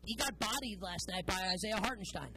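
A woman's voice: medium pitch, a little fast, sharp tone, faint music behind, rough recording. A woman hosting a sports talk show, delivering an opinionated, sarcastic monologue with emphatic stresses.

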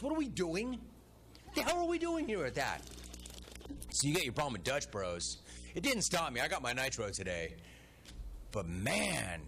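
A man's voice: on the high side, fairly bright tone, a little hiss or hum. A man hosting a talk radio show, ranting through stories and listener complaints and acting out the dialogue himself. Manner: ranting storyteller, acts out dialogue.

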